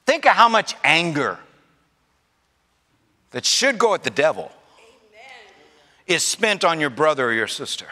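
A man's voice: on the high side, sing-song, unhurried, pauses often, sharp tone, long reverb tail. A middle-aged man preaching a sermon, using repetition, humorous asides and rising fervor. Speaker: pastor. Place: large church sanctuary.

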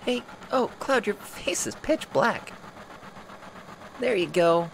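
A man voicing a perky young woman in a high falsetto. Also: animated, takes it slowly, vocal fry, fairly bright tone, slight background noise, full character voice. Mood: chirpy. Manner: high-pitched, chirpy falsetto.

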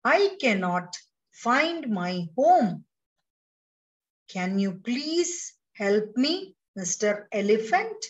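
A woman with an Indian English accent voicing a small, lost, worried bee in a slow, pleading sing-song for a children's read-along. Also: fairly high pitch, very animated, distant mic, lo-fi sound, heavily acted.

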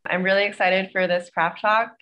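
A woman's voice: mid-range voice, steady tone, normal speed, a bit bright, low-quality recording. A woman facilitator reading a polite, earnest introduction of a guest speaker over a video call. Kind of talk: scripted introduction.

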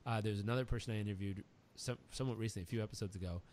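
A man's voice: fairly low pitch, very fast, heavy background noise. A man hosting an interview podcast, talking in an earnest, emotional way and telling stories with feeling. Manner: emotional, earnest, animated storyteller. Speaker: podcast host. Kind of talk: warm conversational interview.

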